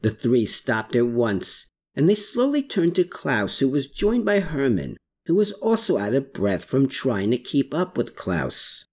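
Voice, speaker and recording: An audiobook narrator reading a story chapter with expressive delivery. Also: medium pitch, measured pace, hardly any pauses. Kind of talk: scripted narration.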